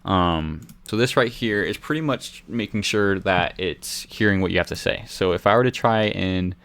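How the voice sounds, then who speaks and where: A young man walking beginners through music software in a casual, rambling way, joking about himself as he goes. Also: low-pitched, normal speed, clear, resonant tone. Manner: relaxed, rambling, self-deprecating. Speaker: music software tutorial host. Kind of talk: casual screen-recorded tutorial. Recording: faint music from the software behind. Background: faint music track.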